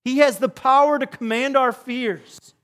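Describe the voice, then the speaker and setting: A male pastor with a notably high voice delivers an animated sermon. He tells the story vividly, rising loud and then dropping to a quiet intensity. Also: a little slow. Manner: animated storytelling, swings between loud and soft.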